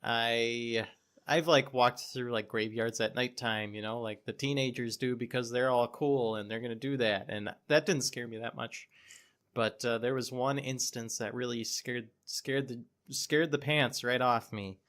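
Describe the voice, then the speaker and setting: Bright-voiced man telling a story. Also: medium pitch, fairly even intonation, a little slow. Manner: rambling, self-mocking, many likes. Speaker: podcast co-host. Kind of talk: casual storytelling.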